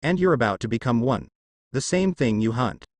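A man reading as a calm female reaper. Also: medium pitch, moderate pace, no room sound, natural voice. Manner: soothing, matter-of-fact.

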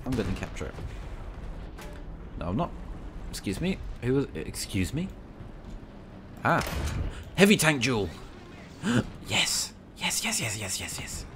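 A man talks through a tank game in a loose, chatty commentary. His voice swings widely in pitch as he cheers, grumbles and scolds enemy players with mock indignation. A faint hiss of noise sits under the recording. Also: slow. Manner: excitable, banters at enemies with mock outrage. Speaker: gaming video creator. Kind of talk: casual gameplay commentary.

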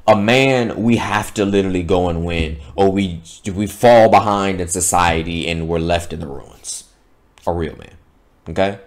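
Male channel host, low-pitched, emphatic repetitive lecturer, opinion monologue. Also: moderate pace. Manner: stumbles and restarts words.

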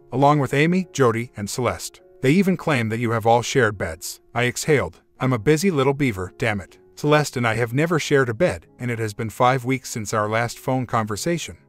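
Man narrating a story over soft music. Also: medium pitch, expressive, fairly quick, hardly any pauses. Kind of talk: scripted narration of a relationship story. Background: faint background music.

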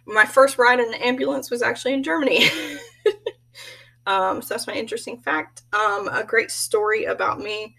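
Woman, student self-intro, chatty storyteller; higher voice with gravelly fry, heard from slightly off-mic. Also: fairly even intonation, normal speed, pushed and bright, recorded from a distance, rough recording. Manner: chatty storytelling, laughs often. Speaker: graduate student introducing herself. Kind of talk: casual self-introduction video.

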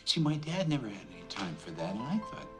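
A middle-aged man playing a father in a family film, speaking gently and reasoning with his son. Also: medium pitch, very animated, quick pace, music in the background, lightly acted. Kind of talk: film dialogue.

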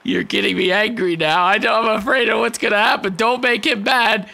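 A man giving let's-play commentary, excitable, yelling, swearing and laughing as he plays. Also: high-pitched, brisk, gravelly. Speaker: gaming YouTuber. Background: game music.

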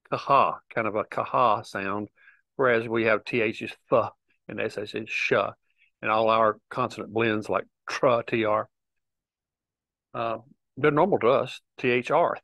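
A man's voice: lowish voice, creaky, fairly bright tone, dry recording. A man giving an informal Bible teaching, explaining Hebrew words in a conversational, meandering way. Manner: conversational, frequent restarts and fillers, explains slowly.

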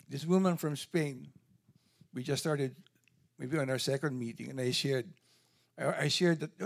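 A man giving an animated testimony at a church service, telling his story with quoted dialogue. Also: on the high side, creaky.

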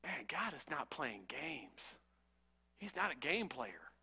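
A man's voice: a little high, sing-song, takes it slowly, vocal fry, bright, forceful tone, husky. A man preaching a sermon in a fervent, conversational way with slangy asides.

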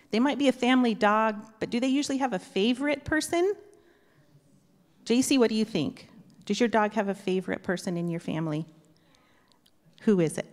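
A woman telling a children's story at church, animated and asking the children questions as she goes. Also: medium pitch. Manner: animated, asks children questions, imitates dog whines. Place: church sanctuary. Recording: long church hall reverb.

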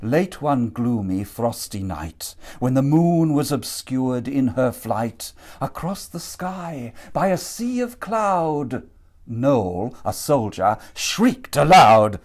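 A man reading rhyming verse in a playful, theatrical way. He takes his time, letting each line land. His pitch moves in lively swoops. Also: slow. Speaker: narrator. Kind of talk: rhyming storybook narration.

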